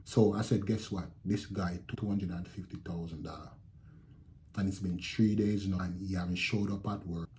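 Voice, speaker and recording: A middle-aged Jamaican man telling his viewers a story in a casual, animated way, repeating phrases and acting out what people said. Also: on the low side, a little hiss or hum. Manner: animated retelling with repeated phrases and quoted speech. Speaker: channel host telling a story.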